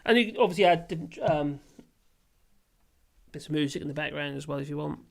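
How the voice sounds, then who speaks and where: Lively rambling livestream host. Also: medium pitch, fairly quick, creaky. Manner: rambling, laughs often, swears casually. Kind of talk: casual live chat.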